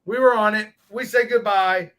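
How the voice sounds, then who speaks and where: A man with a high, very bright and piercing voice who chats casually on a live stream. He swears freely and tells joking stories with a lot of energy. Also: steady tone, moderate pace, poor audio. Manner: profane, joking storyteller. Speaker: guest on a motorcycle live stream.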